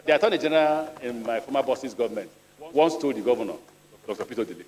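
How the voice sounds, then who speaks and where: A middle-aged man from Nigeria with a Nigerian accent, a nominee answering questions at a formal hearing in a deliberate, measured way and mixing in stories. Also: mid-range voice, a little mellow. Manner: deliberate, measured, with storytelling asides. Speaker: ministerial nominee before a senate. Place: large legislative chamber. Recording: long reverb of a large chamber.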